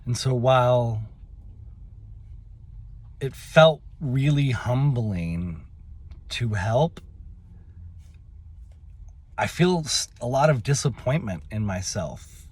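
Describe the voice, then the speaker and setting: Husky, halting man telling a personal story. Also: mid-range voice, very animated, a little mellow. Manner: emotional, halting, with many fillers and restarts. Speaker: vlogger.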